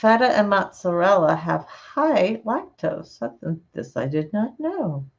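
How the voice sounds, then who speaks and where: A woman hosting her channel, chatting casually with her viewers and reading their comments, relaxed and quick to laugh. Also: medium pitch. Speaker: channel host. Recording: slightly dull lo-fi sound.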